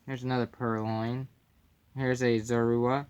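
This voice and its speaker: A man's voice: medium pitch, little pitch movement, moderate pace, dull audio, slight background noise. A young man casually commenting on his card collection, slipping goofy puns and mumbled asides in between.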